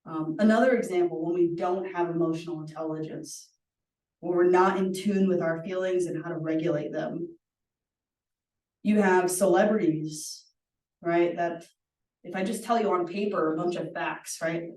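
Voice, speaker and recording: A woman's voice: on the low side, steady tone, moderate pace, a little mellow. A woman leading a workshop, teaching conversationally with personal stories, earnest and chatty, often asking "right?". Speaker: workshop presenter. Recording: roomy echo, distant mic.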